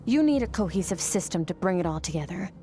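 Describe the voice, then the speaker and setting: A woman voicing a cool, stern female sword master in a video game, speaking in a calm, measured, matter-of-fact way. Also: lowish voice, a loud crowd. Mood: composed. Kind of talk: game voice acting.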